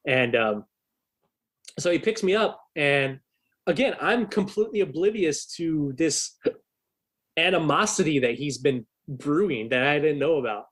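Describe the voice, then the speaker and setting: A man with a fairly high voice recounts a story as a podcast guest. He talks loosely and swears freely, with frequent fillers and an animated storytelling manner. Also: unhurried. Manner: loose, profane, animated retelling with many fillers. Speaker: podcast guest, bass player. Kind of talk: casual storytelling chat.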